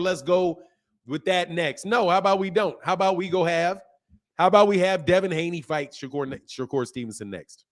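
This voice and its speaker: A man in his fifties hosting a boxing live stream, ranting at his chat in an animated, exasperated way. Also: high-pitched, normal speed. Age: 50s. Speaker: boxing channel host.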